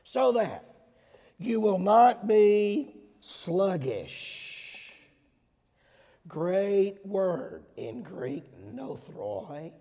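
A middle-aged man from Georgia with a Southern accent, preaching a sermon emphatically, swinging between loud stressed words and quieter asides. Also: a little high, creaky. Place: large hall with audience. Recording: hall reverb.

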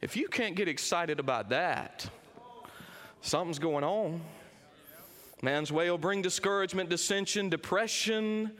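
A middle-aged man preaching a sermon, swinging between quiet, low lines and raised, emphatic ones. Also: a little slow. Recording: long reverb of a big hall.

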